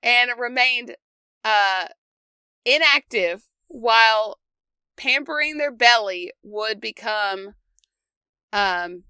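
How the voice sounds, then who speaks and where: A young woman co-hosting a casual history podcast, reading from her notes and breaking off for quick joking asides. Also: fairly high pitch, lively intonation, sharp tone, clean tone, no room sound. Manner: reads notes aloud with quick asides and laughs. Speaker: podcast co-host.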